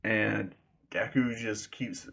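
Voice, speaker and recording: A man's voice: fairly low pitch, fairly even intonation, takes it slowly, vocal fry, sharp tone, husky. Laid-back man rambling through a story. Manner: rambling, many "you know" fillers. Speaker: fan fiction storyteller. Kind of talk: casual storytelling.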